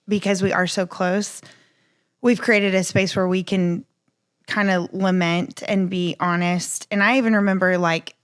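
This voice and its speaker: Woman, 30s, earnest and animated podcast co-host, mid-pitched, dry close sound. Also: dry recording. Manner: earnest, animated, acts out quoted remarks. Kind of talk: casual faith and family chat.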